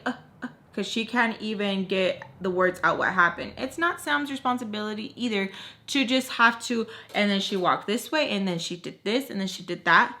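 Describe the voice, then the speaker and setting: A woman's voice: mid-range voice, a little fast. A young adult woman chatting casually in a storytime video, full of "like" and acting out what people said. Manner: animated, heavy use of "like", acts out quotes. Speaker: vlogger telling a story.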